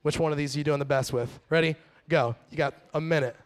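A man in his thirties preaching a sermon in a church, telling stories in a lively, animated way and acting out quotes. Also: a little high, quick pace, smooth. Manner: animated storytelling, acts out quotes. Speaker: pastor. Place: church sanctuary. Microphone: handheld or headset mic.

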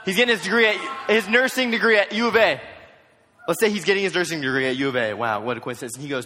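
Animated young man preaching in reverb. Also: high-pitched, quick pace. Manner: animated, jokey, acts out quotes in voices. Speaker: youth speaker. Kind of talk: storytelling sermon talk. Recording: long hall reverb.

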